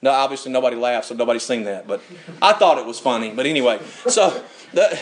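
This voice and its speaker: An older man preaching a sermon, telling the story with lively acted-out voices and frequent chuckles. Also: medium pitch, a little fast. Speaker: pastor.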